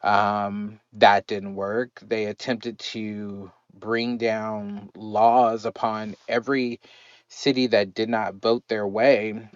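A man co-hosting a podcast, chatting casually about politics with animated, emphatic, repetitive phrasing. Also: fairly low pitch, slow, no room sound, lo-fi sound. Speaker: podcast co-host.

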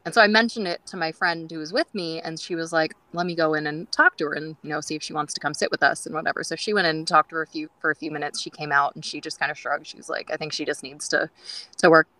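A woman's voice: sits low, steady tone, fast, sharp tone, no room sound, low-quality recording. A woman guest on a groomers' podcast, telling stories in a chatty way with many fillers and acting out quoted dialogue. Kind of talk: casual storytelling interview.

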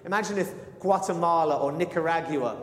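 High-voiced preacher in a reverberant hall. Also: male voice, a little fast. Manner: explanatory, earnest, with self-corrections. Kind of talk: expository sermon.

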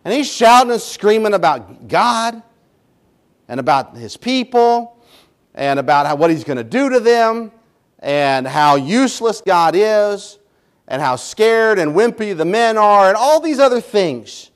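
Animated higher-voiced male preacher. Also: measured pace. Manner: emphatic preaching, repetitive build-ups. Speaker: pastor. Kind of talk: sermon.

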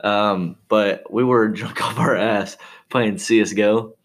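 A man's voice: on the low side, fairly even intonation, unhurried. A young man, chatting casually and telling rambling, profane stories with lots of laughs. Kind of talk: casual chat.

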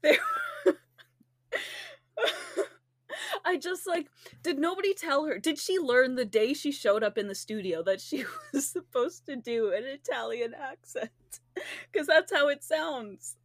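A woman in casual chat with a friend, animated and quick to laugh. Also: high-pitched, no echo, clean studio sound. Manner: giggly, laughs often, animated. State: laughing to tears at times.

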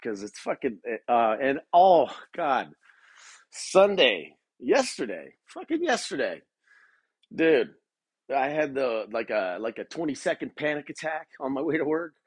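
A young podcast host rambles loosely while pacing his bedroom at home, his mid-range voice husky, very animated, and a little slow. He's laid-back, swears a lot, and keeps calling the listener "man" and "dude," with no echo on the recording.

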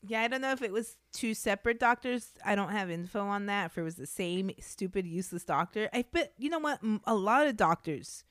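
A woman's voice: medium pitch, expressive, a little fast, hardly any pauses, no room sound, clean studio sound. A woman co-hosting a podcast, narrating a true-crime case in a blunt, matter-of-fact way between casual chat.

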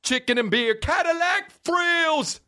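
A man doing a comic impression of an excitable male rapper, giddy and chanting the same rhyme over and over. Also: very high voice, slow, voice pushed up, exaggerated voice. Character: excitable adult male rapper, hyped, repeating one rhyme.

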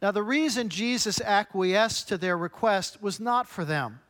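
A man's voice: sits high, lively intonation, unhurried, fairly bright tone. A man preaching a sermon, emphatic and punchy, building his points through short repeated phrases. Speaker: pastor.

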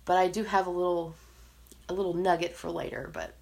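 Lady cohost on a podcast, kinda gravelly, chatty and laughy. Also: lowish voice, brisk. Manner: chatty and animated, laughs often between thoughts. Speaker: podcast co-host. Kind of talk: casual podcast chat.

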